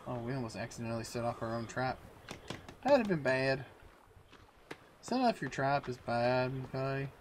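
A man's voice: mid-range voice, big pitch swings, moderate pace, pauses often, a little hiss or hum. A man hosting a let's-play video, chatting casually to viewers and himself while he plays. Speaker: gaming video host.

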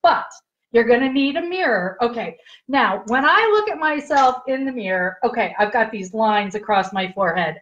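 A woman runs a casual livestream demonstrating skincare patches, chatting and giggling while constantly checking in with viewers. Her voice is a little high and a bit bright, animated, at a moderate pace. The stream audio is dull and lo-fi.

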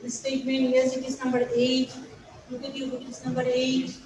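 A woman's voice: sits high, monotone, moderate pace, a little mellow, a little hiss or hum. A woman with a Bangladeshi English accent, a native Bengali speaker, teaching an English grammar lesson to young pupils and patiently repeating each step. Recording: echoey room, voice far from the mic.

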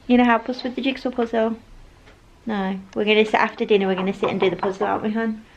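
A woman's voice: fairly high pitch, fairly even intonation, fast, lo-fi sound, background noise. A woman filming a casual family vlog at home, chatty and self-mocking, laughing often. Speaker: family vlogger, mother. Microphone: compact camera's built-in mic.

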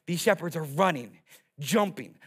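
Pastor, male, high-pitched, lively sermon delivery with playful bits. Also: normal speed, breathy edge. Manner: animated storytelling with playful character voices.

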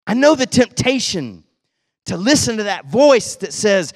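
A male pastor preaching a sermon in a fairly high voice. He is emphatic, dropping quiet and then rising loud. The sound is dry and close. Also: big pitch swings, unhurried, no room sound. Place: church.

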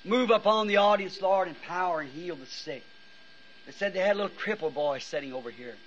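Pleading older-sounding male preacher, high and sharp, weary, dull old tape with faint hiss. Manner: earnest, pleading, halting restarts. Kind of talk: fervent prayer and altar call. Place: church before a congregation.

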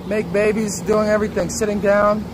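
Brash crude young male streamer, high-pitched voice, outdoors on a city street, heavy traffic noise, phone mic. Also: little pitch movement, moderate pace. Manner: brash, crude, teasing strangers. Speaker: livestreamer. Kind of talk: street livestream banter.

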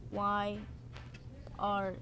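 A woman's voice: medium pitch, monotone, very slow, noisy background. A woman commentating her game play in a playful way, repeating lines and yelping out now and then. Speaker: gaming channel host.

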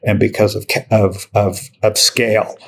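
A middle-aged man speaking as an investor guest in a casual podcast interview, blunt, cynical and quick to swear. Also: fairly low pitch, level tone, slight background noise.

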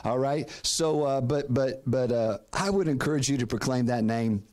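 A man's voice: mid-range voice, normal speed, darkish tone. A middle-aged man preaching a sermon as pastor, calling on the congregation to repeat words, often restarting phrases. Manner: preaching with call-and-response prompts to the congregation.

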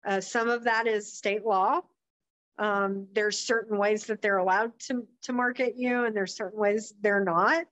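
A woman in her thirties, a guest in a podcast interview, speaking in a measured way with many pauses and fillers. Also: mid-range voice, fairly even intonation, fairly bright tone, no echo. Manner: measured, many ums and you-knows. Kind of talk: casual interview talk. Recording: slightly dull lo-fi sound.

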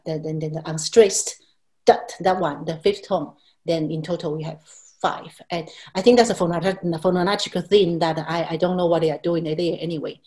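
Woman, lowish voice, halting with restarts, self-deprecating laughs, video call. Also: a little mellow. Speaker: Chinese language teacher. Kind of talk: explanatory video call chat.

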